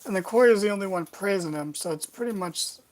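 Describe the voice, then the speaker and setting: A woman's voice: medium pitch, quick pace, darkish tone, low-quality recording. A woman hosting a casual wrestling recap, rambling along with wry, sarcastic asides.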